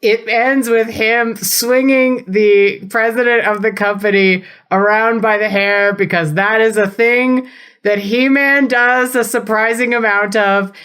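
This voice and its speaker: A woman's voice: a little high, steady tone, measured pace, fairly bright tone, clear, resonant tone. A woman on a podcast, telling a story in a playful, giggly way. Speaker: podcast player.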